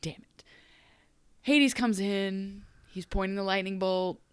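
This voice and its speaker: A woman co-hosting a podcast, recapping an episode in casual chat, animated and laughing often as she acts out characters. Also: mid-range voice, measured pace, clean tone, dry recording, studio quality. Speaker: podcast co-host.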